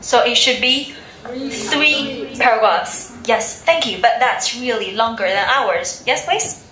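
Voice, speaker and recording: A woman leads an English class in a high, clear voice. She briskly prompts pupils and drills their pronunciation. The room is echoey, with the murmur of many pupils behind her. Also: a crowd in the background. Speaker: English teacher. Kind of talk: classroom teaching, asking questions. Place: school classroom full of students.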